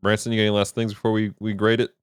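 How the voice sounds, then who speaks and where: Male host, smooth resonant low voice, upbeat, dry close sound. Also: monotone, racing, no room sound. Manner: upbeat, steers the talk to others. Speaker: podcast host. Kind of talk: casual movie review chat.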